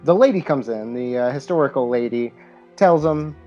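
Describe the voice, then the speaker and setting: A man's voice: mid-range voice, lively intonation, normal speed, mellow, faint music behind. Man rambling through a plot, dull sound. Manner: rambling plot retelling with fillers and swearing. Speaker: podcast co-host. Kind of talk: casual movie recap chat.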